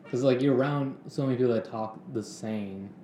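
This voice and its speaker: Mellow Southern man, offhand. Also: mid-range voice, a little fast, reverberant, slight background noise. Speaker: podcast co-host. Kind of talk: casual chat.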